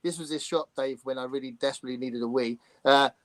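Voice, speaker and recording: A man with an English accent hosting a casual video-call chat, telling lively stories and chuckling as he goes. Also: mid-range voice, quick pace, no echo. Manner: animated storyteller, chuckles often.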